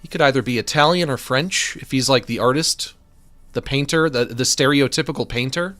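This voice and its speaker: A man chatting on a gaming stream, rambling in a goofy, animated way at a desk microphone. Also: medium pitch, brisk, soft background music. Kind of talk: casual gaming stream chat.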